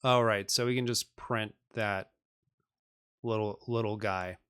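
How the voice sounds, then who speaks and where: A man's voice: fairly low pitch, fairly even intonation, a little slow, a bit bright, smooth. A man on a live stream working through programming exercises, reading them aloud and joking with viewers in a self-deprecating way.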